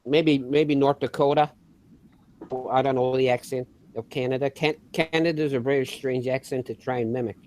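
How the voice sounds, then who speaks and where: Mid-pitched, playful, repeats itself, casual video-call chatter. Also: fairly even intonation, moderate pace, a little mellow. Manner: repeating words, joking. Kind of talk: casual group video chat.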